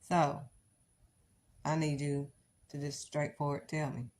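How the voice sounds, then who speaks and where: Blunt, low-voiced woman preaching. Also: flat delivery, takes it slowly, a little mellow. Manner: blunt, exhortative, rhetorical questions. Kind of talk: impassioned live-stream sermon.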